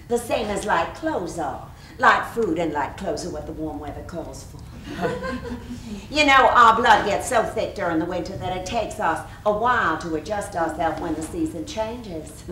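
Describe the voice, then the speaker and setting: A woman's voice: fairly low pitch, lively intonation, normal speed, sharp tone. An actress playing a middle-aged Southern mother, a faded belle who chatters and flirts with little laughs, in a stage play. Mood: chattering. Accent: American Southern. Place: theater stage. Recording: roomy stage audio from far off with hiss.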